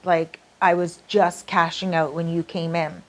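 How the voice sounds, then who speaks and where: A woman's voice: on the low side, level tone, a little slow, natural voice. A woman quoting her story's boyfriend, earnest and reassuring, in her own voice. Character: earnest man, devoted boyfriend.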